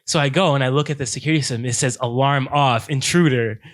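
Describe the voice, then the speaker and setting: A young man on a podcast, telling a workplace story to his friends in a casual, animated way, with "dude" in nearly every line. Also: mid-range voice, fast talker. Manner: animated, says "dude" constantly, quotes himself and others. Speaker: podcast co-host.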